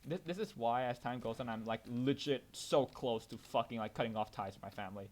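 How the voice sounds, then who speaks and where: A young man co-hosting a podcast while gaming, chatting casually, rambling and swearing, with many restarts and loud bursts when ranting. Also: medium pitch, fairly quick. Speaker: podcast co-host.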